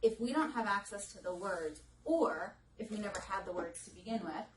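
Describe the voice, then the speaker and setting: A woman's voice: mid-range voice, expressive, moderate pace, slight background noise. A woman speech language pathologist giving a live lecture to an audience in a conversational way, now and then acting out what children and parents say. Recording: echoey room recorded from a distance.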